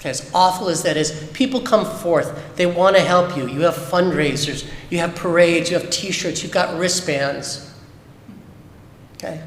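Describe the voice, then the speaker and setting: A man's voice: fairly high pitch, measured pace, a little hiss or hum. Man giving a candid talk in an echoey hall. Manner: candid, emphatic, many rhetorical questions. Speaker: speaker at a Shabbat service. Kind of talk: personal testimony talk. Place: synagogue sanctuary. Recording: echoey hall with long reverb.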